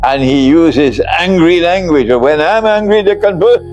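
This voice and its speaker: An older man giving a slow, emphatic religious lecture as an Islamic scholar, often breaking into laughter. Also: fairly high pitch, animated, darkish tone, lo-fi sound, faint music behind.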